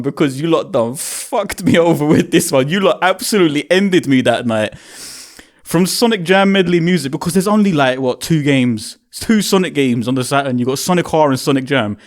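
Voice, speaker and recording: Animated young man. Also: mid-range voice. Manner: animated, swearing, British slang, reacts in loud quoted exclamations. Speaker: video creator. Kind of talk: excited casual storytelling.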